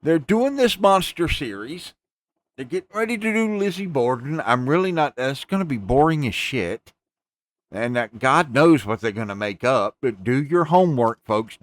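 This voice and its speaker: Emphatic ranting man with a lively voice. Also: medium pitch, no echo. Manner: emphatic, ranting, swears freely; addresses listeners as folks. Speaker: podcast host. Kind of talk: casual chat.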